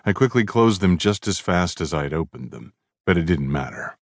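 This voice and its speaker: A man's voice: low-pitched, animated, normal speed, dry recording. A man narrating a novel in the first person with a dry, sardonic manner. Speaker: audiobook narrator.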